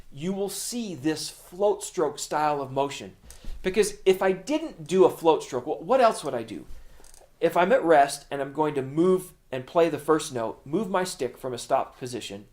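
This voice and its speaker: A man's voice: a little high, a little mellow. Upbeat middle-aged man teaching drums. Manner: plain, patient explaining with counting demos. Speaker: drum teacher. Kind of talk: instructional video lesson.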